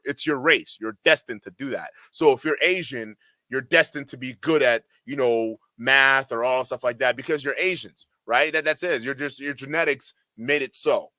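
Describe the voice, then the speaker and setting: A man's voice: medium pitch, sharp tone, no echo, clean studio sound. A man hosting a livestream, giving heated, profane commentary in a ranting manner. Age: adult. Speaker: streamer host.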